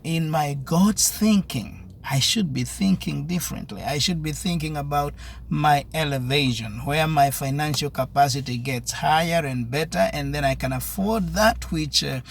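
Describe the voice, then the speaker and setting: Gravelly preaching man, slightly high. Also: moderate pace, a little hiss or hum. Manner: earnest, repetitive exhortation. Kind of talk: devotional sermon.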